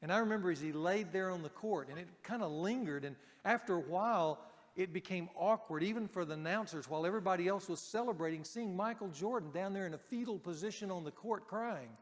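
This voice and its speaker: A man preaching a sermon to a men's group, speaking emphatically and dropping to a hush on key points. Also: high-pitched, a little fast, big-room sound.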